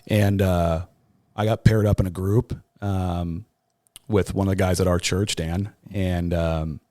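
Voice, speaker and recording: Lowish-voiced man telling a raw testimony. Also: steady tone, dark tone, dry recording, studio quality. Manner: halting and raw, with many restarts and "uh"s; voice jumps much higher when quoting others. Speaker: podcast guest, sports talk show host. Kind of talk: emotional personal testimony in an interview.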